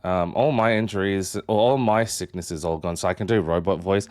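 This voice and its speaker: A man with a low-sitting voice streams live at a moderate pace, chatting casually with viewers and greeting chat members one by one. He's animated and jumps up into excited yelps.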